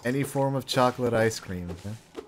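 A man's voice: medium pitch, moderate pace, loud music behind the voice. Laid-back man muttering while gaming. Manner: relaxed, mumbling to himself, swears casually. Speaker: streamer host. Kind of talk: casual gameplay chat.

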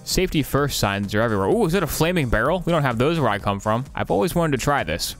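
A man streaming a game, chatting in a joking, rambling, sarcastic way. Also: medium pitch. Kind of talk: casual live-stream commentary.

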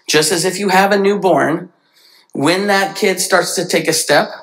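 Animated pastor with a gravelly voice. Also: male voice, rough recording. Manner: animated, acts out quoted voices with big pitch jumps. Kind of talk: sermon. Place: church sanctuary.

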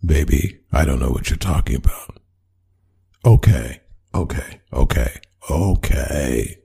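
A man with an extremely low, gravelly voice plays the boyfriend in a one-sided role-play audio drama. He answers an unheard partner and draws out soft endearments. His voice is dark and husky. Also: slow. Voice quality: deep voice. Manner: talks to an unheard partner, answering her unseen replies.

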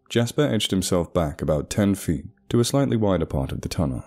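A man giving scripted horror story narration in a measured, deliberate way. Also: deep voice, very animated, creaky, darkish tone, faint music behind.

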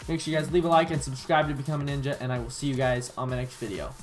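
A man giving chatty, excitable commentary on his own gameplay, with bursts of surprise and self-mocking asides. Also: mid-range voice, very fast. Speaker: gaming YouTuber. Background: background music.

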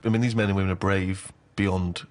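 A man's voice: deep voice, steady tone, a little fast. A man co-hosting a comic podcast, asking incredulous, probing questions. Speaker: podcast co-host.

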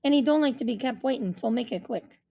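A woman's voice: fairly high pitch, animated, fast talker, vocal fry, mellow, dry recording, dull audio. A woman voicing a brash male gangster who uses tough-guy street slang in a storybook reading. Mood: pushy. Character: brash wisecracking male gangster in loud shirt.

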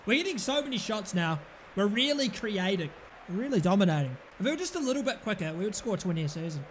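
Man, young adult, high-pitched, excitable gaming commentary, faint background noise. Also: fast talker. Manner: excitable, shouts at the game, swings between outbursts and mutters. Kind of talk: live let's-play commentary.

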